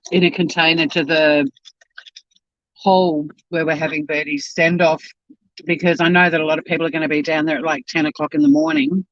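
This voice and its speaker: A man with a voice pitched a little high chats away on his live-stream, rambling from one thing to the next between bites and talking with his mouth full. The sound is dry and close, with a slightly muffled, lo-fi camera-mic quality. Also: little pitch movement, a little fast, a bit bright, no room sound. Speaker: YouTube channel host. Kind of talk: casual live-stream chat while eating. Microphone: home live-stream camera mic.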